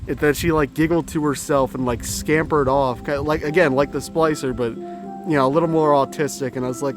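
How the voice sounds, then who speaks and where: A man's voice: on the high side, animated, a little fast. A young man telling a story in a casual, rambling way, swearing now and then. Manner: rambling, profane, self-correcting. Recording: clear background music.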